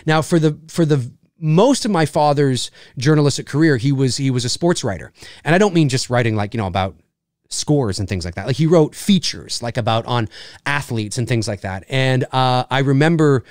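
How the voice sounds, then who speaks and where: A man's voice: mid-range voice, normal speed, a little mellow, dry recording. Rambling man on a dry mic. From Canada. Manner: rambling, swears casually, repeats himself. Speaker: live show host reading chat. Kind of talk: casual livestream chat.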